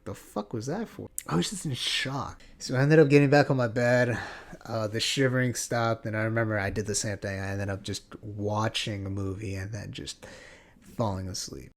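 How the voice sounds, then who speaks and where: A man's voice: lowish voice, fairly even intonation, normal speed. Casual young man telling a profane story. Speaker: vlogger.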